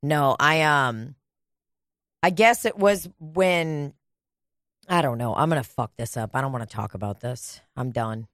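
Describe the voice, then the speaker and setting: A woman's voice: a bass voice, measured pace, fairly bright tone, dry recording, clean studio sound. A woman co-hosting a casual podcast chat, rambling and crude, often trailing off and restarting. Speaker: podcast co-host.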